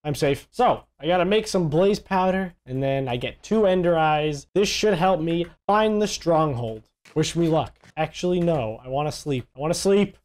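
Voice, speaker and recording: A young man giving excitable commentary while playing a video game, taunting enemies and yelling in panic. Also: a little high, normal speed. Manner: excitable, yells and taunts mobs. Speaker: gaming YouTuber. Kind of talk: gaming commentary.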